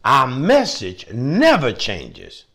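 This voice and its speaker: A male preacher delivering a sermon with a lively, swooping pitch. He hammers points home through repetition and emphatic rising peaks. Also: extremely slow.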